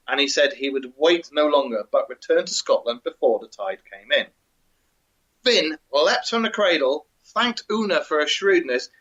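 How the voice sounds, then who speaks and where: On a show he co-hosts, a man reads out a folk tale and then chats with dry humour. His voice is fairly high and a bit bright. The recording has a dull, lo-fi sound.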